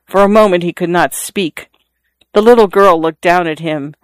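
A narrator reading a literary story in a measured, steady way. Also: medium pitch, clear, resonant tone, no echo. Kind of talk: audiobook narration.

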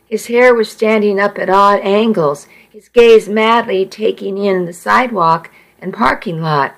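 A woman reads a first-person story aloud at a slow, deliberate pace. Her voice sits in a middle register, and her delivery is measured and intimate. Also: medium pitch, vocal fry, poor audio. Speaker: audiobook narrator. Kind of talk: first-person audiobook narration.

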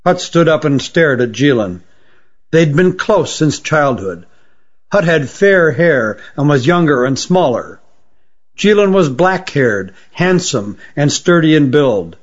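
Male storybook narrator, fairly high-pitched and measured, recorded lo-fi. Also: sing-song. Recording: dull lo-fi recording.

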